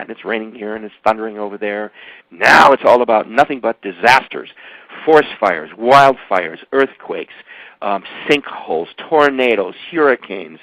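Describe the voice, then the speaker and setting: An older man holding forth as a radio guest, emphatic and rambling, his voice leaping up in pitch and then dropping low. The sound is dry and close, with a dull, muffled top end, like an old radio broadcast. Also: fairly bright tone, no room sound. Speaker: author and guest. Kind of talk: radio interview.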